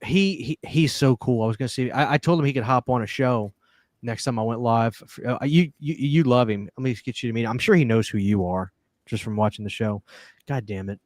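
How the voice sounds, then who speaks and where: A man's voice: mid-range voice, fairly quick, dry recording. A man from New Orleans hosting a live stream, chatting casually with lots of fillers and frequent laughter. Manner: animated, laughs often, many fillers. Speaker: podcast host.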